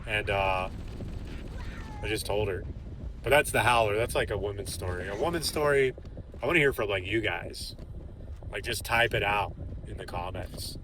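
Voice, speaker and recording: A man's voice: lowish voice, normal speed, pauses often, pushed and bright, slight background noise. A young man casually telling a story while playing a game, rambling with lots of filler words and chuckling to himself. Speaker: gaming channel host. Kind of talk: casual storytelling over gameplay.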